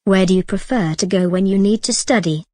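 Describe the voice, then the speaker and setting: A woman reading scripted exam questions as the examiner, in a plain, measured way. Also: medium pitch, a little mellow, dry recording, studio quality.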